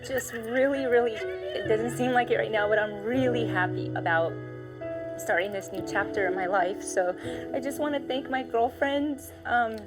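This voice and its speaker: A woman's voice: fairly high pitch, lively intonation, moderate pace, loud music behind the voice. Candid, emotional woman in her forties. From New York. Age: 40s. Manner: candid, emotional, laughs often. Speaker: documentary subject. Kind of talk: candid reality footage.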